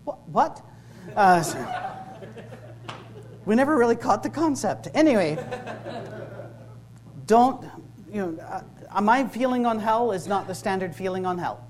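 A man's voice: high voice, animated, darkish tone. Joking Scottish preacher, middle-aged man. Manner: conversational and joking, with quick asides. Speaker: campus ministry speaker. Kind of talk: humorous sermon-style talk. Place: workshop room with a live audience.

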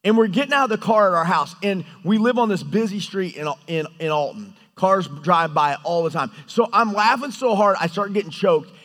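A man preaching a sermon, animated and storytelling, often acting out quoted lines. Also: high-pitched, normal speed, hardly any pauses. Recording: hall reverb.

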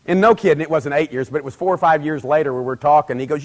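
A man's voice: high voice, animated, fast. Emphatic middle-aged man preaching. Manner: conversational, building to loud emphatic peaks, acts out quoted dialogue. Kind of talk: sermon.

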